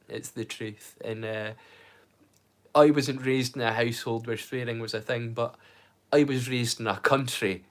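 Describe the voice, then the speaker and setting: A Scottish man in his thirties chatting casually on a livestream, rambling and often repeating his first words. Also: mid-range voice. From Scotland. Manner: rambling, repeats words when starting sentences. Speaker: livestream host.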